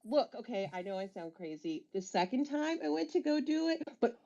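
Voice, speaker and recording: A woman's voice: fairly high pitch, sing-song, normal speed, dark tone. A woman telling a long story in casual chat, swearing and laughing as she rambles. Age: adult with a son. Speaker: storyteller on a live talk stream. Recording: dull lo-fi audio.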